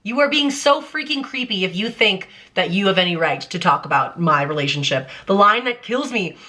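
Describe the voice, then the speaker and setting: Bright, animated young woman vlogger. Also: medium pitch, moderate pace. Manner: animated and emphatic, with frequent "like" fillers. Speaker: vlogger analyzing song lyrics. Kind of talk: casual commentary.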